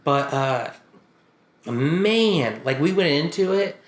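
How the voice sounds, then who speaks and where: Guy on a podcast chatting, echoey room, jumps way up in pitch when he acts out what people said. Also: slow pace. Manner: animated storytelling, acts out quotes with big pitch jumps. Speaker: podcast co-host. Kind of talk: casual chat.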